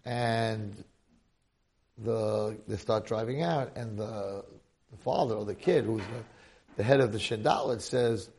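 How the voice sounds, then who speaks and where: A man's voice: on the low side, a little slow. A man teaching a Torah class, telling a story animatedly and addressing his listeners. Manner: animated storyteller, talks to audience.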